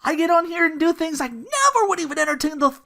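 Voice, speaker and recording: A man's voice: very high-pitched, lively intonation, fast, gravelly, sharp tone, a little hiss or hum. Rambling man hosting a solo podcast. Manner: rambling and self-deprecating, trips over his words. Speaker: podcast host. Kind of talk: casual solo podcast monologue.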